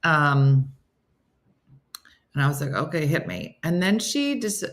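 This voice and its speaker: A woman's voice: low voice, expressive, slow, pauses often. A middle-aged woman hosting a comedy morning show, telling stories in a chatty way and reading viewer comments aloud. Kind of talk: casual chat.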